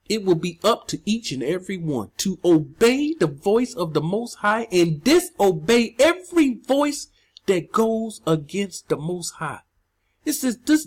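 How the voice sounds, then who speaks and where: A woman's voice: medium pitch, breathy edge. A woman preaching and teaching scripture, emphatic and repetitive, rising on key words.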